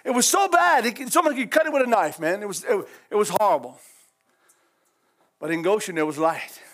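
A man's voice: high voice, lively intonation, brisk, a bit bright. A man with a Cajun accent preaching a folksy sermon, often breaking into hallelujahs and chuckles. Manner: folksy, exclaims praise God and hallelujah often; chuckles often between lines.

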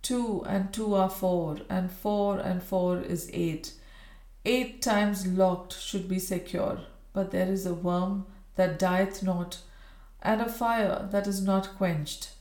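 A woman's voice: mid-range voice, steady tone, takes it slowly, dark tone, natural voice. A woman voicing a feverish, delirious dying woman who rambles and pleads, in a roomy recording. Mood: feverish raving. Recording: roomy echo.

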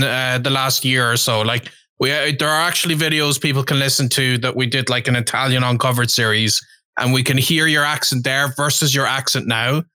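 Curious male interviewer, dry bright sound. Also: medium pitch, no echo. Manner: curious, eager, with restarts and fillers. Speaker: host, interviewer. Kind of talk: casual interview.

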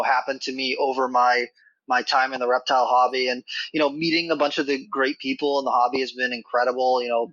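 A man's voice: medium pitch, fairly bright tone, no room sound. A man guesting on a podcast, telling a casual, rambling story full of "like" and "you know.". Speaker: podcast guest, reptile facility worker. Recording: dull, dry lo-fi audio.

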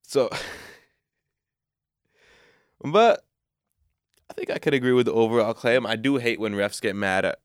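A man's voice: mid-range voice, measured pace, long pauses, clear, resonant tone, no echo, studio quality. A man co-hosting a sports podcast, laid-back and chatty. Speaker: podcast co-host. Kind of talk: casual chat.

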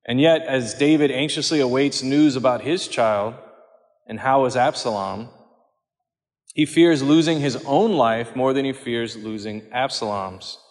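Guy giving a homily in a church, earnest, takes his time, mid voice, big echoey hall. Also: medium pitch. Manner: measured and earnest, slowing for quoted words. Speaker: priest. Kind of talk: homily on scripture. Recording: long hall reverb.

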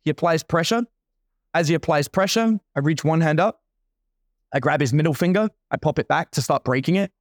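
A man's voice: on the high side, brisk, no room sound, studio quality. A man in his forties telling a story in casual talk, playing out the other people's lines as he goes. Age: 40s. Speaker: guest entrepreneur.

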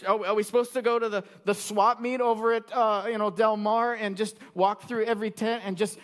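Pastor guy preaching, high voice, loud then quiet, lots of hall echo. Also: a little fast, hardly any pauses. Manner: animated preaching with sudden loud bursts and quiet drops. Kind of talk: sermon. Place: church sanctuary. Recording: long reverb of a large hall.

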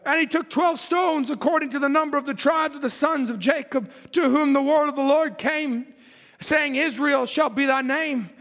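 A man preaching a fervent sermon, reading scripture aloud and rising to shouts at the peaks. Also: very high voice, moderate pace. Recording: long hall reverb.

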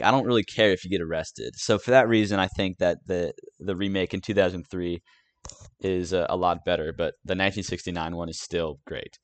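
A young man with a very low voice chats casually about his favorite movies, stumbling through fillers and restarts as he goes. The sound is dry and close, with no room around it. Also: dry recording. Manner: rambling and hesitant, with many fillers and restarts. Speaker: host of a movie review video series. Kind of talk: casual movie review chat.

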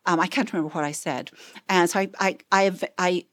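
A woman's voice: fairly low pitch, steady tone, a little fast, a bit bright, no echo. A woman counselor giving a parenting talk, telling stories and acting out what parents and children say, with frequent "right?" asides.

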